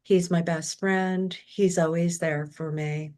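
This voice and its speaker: A middle-aged woman speaks as a guest in a relaxed conversation. Her voice sits on the lower side, and she talks reflectively, slipping into little quoted bits of her own inner voice. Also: takes it slowly. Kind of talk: casual interview talk.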